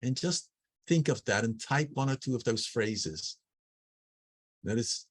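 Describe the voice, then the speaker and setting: A man's voice: medium pitch, expressive, unhurried, pauses often, slightly rough. Man leading an online breathing workshop. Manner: conversational, with frequent restarts and lists. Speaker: workshop facilitator. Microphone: video call.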